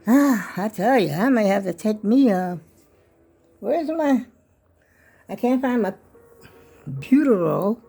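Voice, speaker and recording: Chatting directly to her viewers in a casual home vlog, this older woman keeps saying y'all and often trails off. Her voice is on the high side, animated and unhurried, mellow and slightly rough with vocal fry and frequent pauses. A handheld phone records her indoors, with faint music behind.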